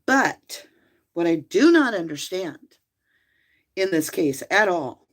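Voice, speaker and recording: Slow, low-voiced woman reading aloud. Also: big pitch swings. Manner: breaks off reading to chat with chat viewers by name. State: out of breath. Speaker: livestream host reading a court ruling. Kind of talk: reading aloud with casual asides to viewers. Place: room at home.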